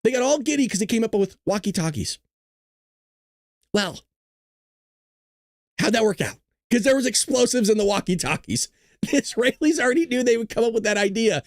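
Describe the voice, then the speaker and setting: A man's voice: very high-pitched, animated, normal speed, long pauses, dry recording, clean studio sound. A man hosting a casual live political commentary stream, talking sarcastically, laughing often and teasing his chat. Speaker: host of a political commentary livestream.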